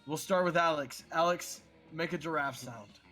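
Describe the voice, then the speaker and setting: Brief: lively bright man gamer, takes charge, faint music under him. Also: fairly high pitch, moderate pace. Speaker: streamer running a stream mini-game. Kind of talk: casual gaming chat.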